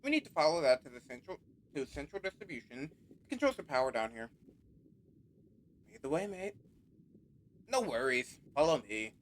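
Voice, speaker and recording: A man's voice: on the high side, very animated, fast. A man voicing a laid-back, easygoing electrician in a game with a put-on accent, saying "mate" and "no worries". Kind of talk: reading game dialogue aloud.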